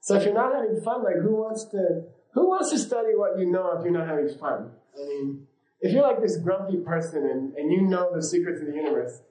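A man's voice: high-pitched, expressive, brisk, dark tone. A man teaching a class in a casual, rambling way, with many fillers, telling anecdotes and laughing easily. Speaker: yoga and meditation teacher. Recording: roomy echo.

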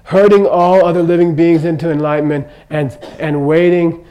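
A man's voice: fairly high pitch, fairly even intonation, moderate pace, mellow, low-quality recording. An older man giving an informal Buddhist teaching in a chatty, joking way, constantly checking in with his listeners. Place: teaching room in Kathmandu.

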